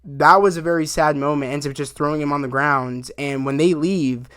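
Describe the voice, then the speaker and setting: A man casually recapping a TV episode in a rambling, excited way, full of fillers and quick asides. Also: fairly high pitch. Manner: rambling, animated retelling with many fillers and acted quotes. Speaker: video reviewer.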